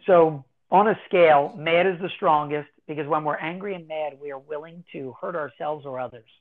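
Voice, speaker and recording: A man talking casually as an interview guest, explaining in an animated way and acting out children's voices as he goes. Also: fairly high pitch, moderate pace. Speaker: guest, anti-bullying educator. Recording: tinny phone-like line.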